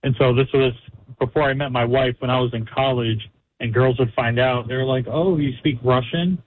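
A man's voice: mid-range voice, little pitch movement, brisk, slight background noise. A man from the United States calling into a radio show, telling a rambling, filler-heavy story. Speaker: radio caller. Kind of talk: phone-in anecdote. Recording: phone line.

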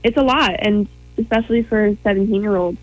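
A woman's voice: medium pitch, fast, no room sound, lo-fi sound. A young woman telling her own story as an interview guest, earnest, with many ums and quoted thoughts.

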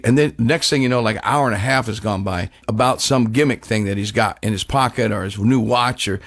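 A man hosting a show, telling a rambling, animated story in a casual chat. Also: on the low side, a little fast, hardly any pauses.

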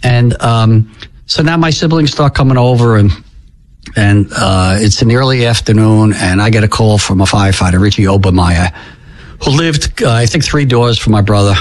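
An older American man telling a painful family story in an interview, halting and repeating words, his voice climbing when moved. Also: on the low side, low-quality recording. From United States. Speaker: interview guest.

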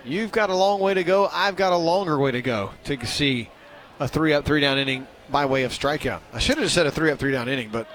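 Play-by-play man, a touch high, loose and chatty, pumps up on strikeouts. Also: a little fast. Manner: chatty, self-deprecating, excitable on big plays. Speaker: play-by-play announcer. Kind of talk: baseball play-by-play commentary.

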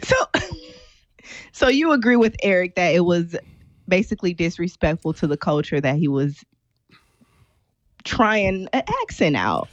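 A woman's voice: lowish voice, animated, unhurried, long pauses, no echo, muffled recording. A woman hosting a podcast in casual chat, teasing her co-host and laughing often.

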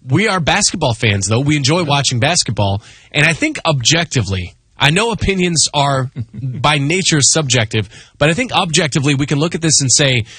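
A man hosting a sports radio show, talking in an animated way and reading ad copy briskly. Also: a little high, breathy edge, no echo. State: losing his voice.

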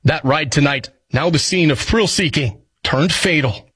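A man reading a scripted news report with a measured, dramatic newsreader delivery. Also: fairly high pitch, fairly bright tone, breathy edge, dry recording.

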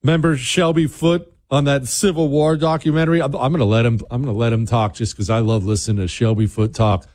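A man's voice: medium pitch, little pitch movement, fairly quick, few pauses, a little mellow. A man hosting a talk radio show, speaking in a blunt, emphatic, conversational way. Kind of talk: opinionated talk radio monologue.

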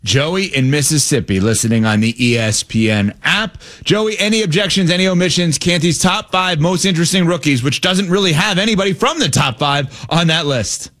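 A man hosting a sports talk radio show, quick and playful, bantering with his co-host and callers. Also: a little high, lively intonation, fairly bright tone. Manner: quick, playful, laughs easily.

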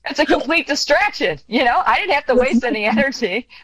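An older woman guest giving earnest, heartfelt parenting advice in conversation. She tells animated stories and acts out the quotes. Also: sits high, a little fast, no room sound, low-quality recording.

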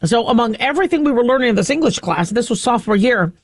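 A woman in her fifties hosting a monologue, an animated storyteller who acts out the people in her anecdotes. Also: on the high side, quick pace, no room sound, studio quality.

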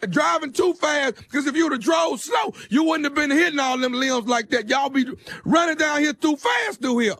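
A man voicing a furious grown man who shouts and sobs in slang over his mother's broken tree during a prank phone call. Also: extremely high pitch, normal speed, vocal fry, hardly any pauses, no echo, voice pushed up, full character voice. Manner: shouting, sobbing, streetwise slang.

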